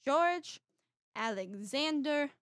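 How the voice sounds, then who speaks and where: A woman from the United States co-hosting a casual comedy show, reading news with deadpan jokes. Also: high-pitched, drawn-out words, no room sound, studio quality.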